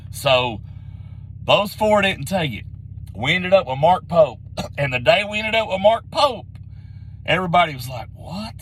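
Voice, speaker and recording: A man with a somewhat high-pitched voice rants bluntly and repeats himself for emphasis. He sounds a little hoarse, like he is getting sick. A faint background hum sits under the recording. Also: fairly bright tone, low-quality recording. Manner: blunt, repetitive, heated. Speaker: sports commentary vlogger. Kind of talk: opinionated rant to camera.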